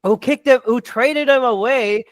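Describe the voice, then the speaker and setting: A podcast co-host launches into a fiery sports rant, talking fast and swearing, with repeated stammering restarts as thoughts pile up. The voice is mid-pitched, recorded dry and close to the mic with no echo.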